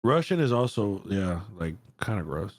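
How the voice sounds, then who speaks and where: A man's voice: on the low side, sing-song, normal speed. A man co-hosting a livestream, teasing and mocking in profane, casual banter.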